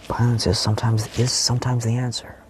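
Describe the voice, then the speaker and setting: A man's voice: medium pitch, level tone, fairly quick, a little hiss or hum. A young man talking in a rambling personal monologue, swearing constantly and often dropping his voice to a whisper. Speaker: vlogger.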